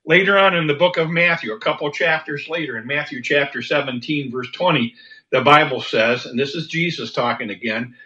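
A man preaching a sermon in a halting way, stumbling over repeated words and fillers. His voice is bright and a little high for a man. The recording is dull and lo-fi.

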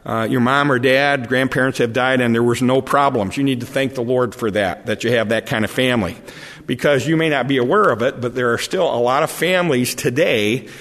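A man preaching a conversational sermon, halting and often repeating his words as he explains the text. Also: medium pitch, a bit bright. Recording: long hall reverb.

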